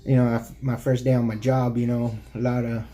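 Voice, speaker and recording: A man's voice: mid-range voice, little pitch movement, brisk, mellow. A man from Texas casually telling rambling personal stories on his channel, with many "you know" fillers. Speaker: YouTube storyteller. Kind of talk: casual anecdotal storytelling.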